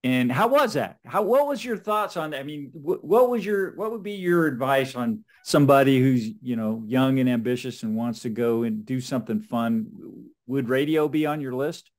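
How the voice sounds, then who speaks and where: A man's voice: medium pitch, animated, normal speed, few pauses. A man hosting a casual interview, who laughs often and keeps the guest going with short replies. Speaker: podcast host.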